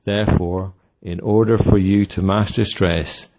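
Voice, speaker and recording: Slow, low-voiced male instructor. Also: fairly even intonation, a little mellow. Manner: measured, reads word lists one by one. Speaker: English pronunciation instructor. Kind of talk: scripted e-learning narration.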